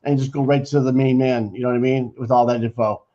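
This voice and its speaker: A man with a Boston accent co-hosting a casual live stream, animated and prone to repeating words. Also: mid-range voice, quick pace, highs cut off. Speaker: co-host.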